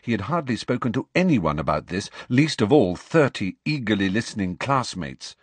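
A man narrating an audiobook in an expressive storytelling manner. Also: fairly low pitch, normal speed, husky, no room sound. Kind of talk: scripted narration.

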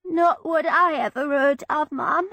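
A woman's voice: high-pitched, unhurried, fairly bright tone, no echo, studio quality, voice pushed up. A woman voicing a young woman who poses as a meek, simple beggar girl with a put-on Cockney accent, sniffling and tearful.

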